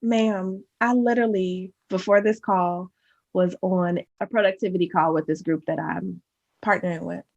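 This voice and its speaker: A woman's voice: lowish voice, steady tone, normal speed, vocal fry, darkish tone, dull audio. A woman hosting a podcast, affirming her guest with playful slang in a casual interview chat. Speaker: podcast host.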